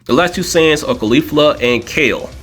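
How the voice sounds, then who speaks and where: A man giving casual comedic commentary, animated and joking, jumping up in pitch for emphasis. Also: moderate pace, soft background music. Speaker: video commentator.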